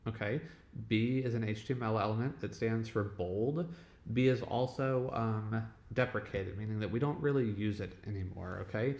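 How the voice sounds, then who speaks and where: A man's voice: lowish voice, moderate pace, darkish tone, slight background noise. A man teaching a casual lecture, talking in a conversational way and often checking in with "okay?" and "right?". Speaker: web development instructor. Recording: echoey room.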